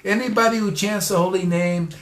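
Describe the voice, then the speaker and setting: A man's voice: high-pitched, fairly even intonation, fairly quick, fairly bright tone. Emphatic man teaching in an echoey room. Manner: repetitive, emphatic, laughs often, addresses listeners directly. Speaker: spiritual teacher. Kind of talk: informal religious talk.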